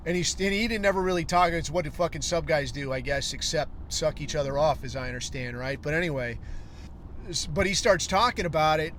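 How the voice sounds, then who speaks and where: A man's voice: a little high, fairly bright tone, a little hiss or hum. Profane rambling man in his forties. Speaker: podcast host. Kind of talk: casual storytelling monologue.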